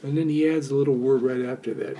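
A man's voice: mid-range voice, steady tone, fast talker, warm tone, slight background noise. A man teaching a recorded language lesson, explaining step by step with fillers and patiently repeating phrases for learners to echo. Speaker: Mandarin teacher.

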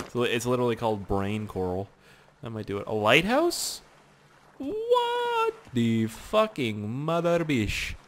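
A man giving casual gameplay commentary, talking to himself in a profane, excitable, rambling way. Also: fairly low pitch, a little hiss or hum. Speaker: gaming YouTuber.

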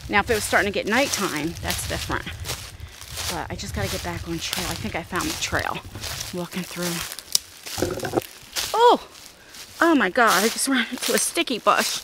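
A woman's voice: on the low side, expressive, a little fast, very noisy. A woman out of breath, chatting to her viewers as she walks outdoor trails, filming on a handheld phone. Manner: chatty, talks to viewers while walking. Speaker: vlogger. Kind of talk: casual walk-and-talk vlog.

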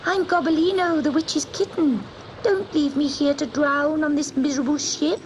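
A woman voicing a frightened little male witch's kitten, with high pleading cries. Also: fairly even intonation, moderate pace, slight background noise, natural voice, poor audio.

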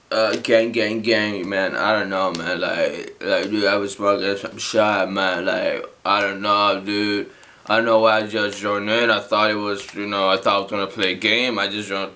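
A man's voice: sharp tone, exaggerated voice. A man doing a mumbling stoned gamer dude. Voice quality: drowsy low mumbling with many fillers. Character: spaced-out stoner gamer guy, mumbling, slow.

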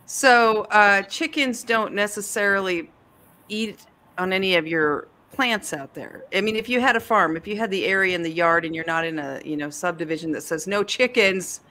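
A woman's voice: mid-range voice, normal speed, sharp tone. A woman hosting a casual livestream chat with a guest, chatty and laughing often. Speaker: host, author.

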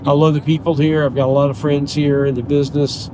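A man's voice: a little high, flat delivery, quick pace. An older man with a Southern accent, a driver and host chatting casually with a passenger in his car. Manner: chatty, playful, jokes with put-on accents. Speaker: rideshare driver and podcast host. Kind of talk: casual chat. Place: inside a car. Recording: noisy car interior.

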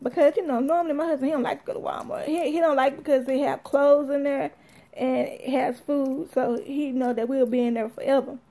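A woman telling a story to her viewers in an animated, chatty way, calling them y'all. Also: high-pitched, fairly quick. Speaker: vlogger.

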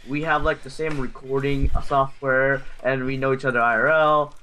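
This gaming video host rambles excitably through casual gameplay, full of fillers and yelps whenever things go wrong. His medium-pitched voice moves at a moderate pace, with a little hiss or hum present.

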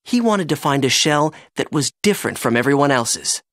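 A narrator reading a children's storybook aloud in an expressive, animated way. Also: mid-range voice, normal speed, no room sound, clean studio sound.

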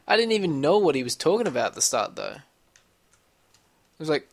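A man's voice: fairly high pitch, big pitch swings, slow pace, gravelly, pauses often. A man giving casual, rambling commentary over a video game at home, swearing often and talking to himself as he plays. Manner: rambling, swears a lot, talks to himself while playing. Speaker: gameplay commentator. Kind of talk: casual let's-play commentary. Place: home room with a computer.

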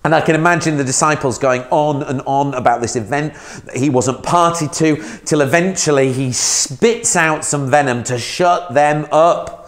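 A man's voice: on the high side, moderate pace, hardly any pauses. A man, a minister giving a sermon in a conversational way, asking the listener questions.

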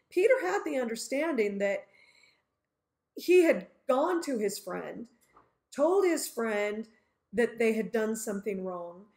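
A woman's voice: on the high side, a little mellow. A woman giving an earnest Bible teaching, explaining scripture through everyday scenarios she acts out.

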